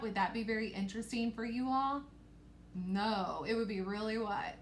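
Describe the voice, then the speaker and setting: A woman teacher with a fairly high voice talks to young children in an encouraging, sing-song way. Her recorded reading lesson rings around an echoey room, with a faint hiss underneath. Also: normal speed, fairly bright tone.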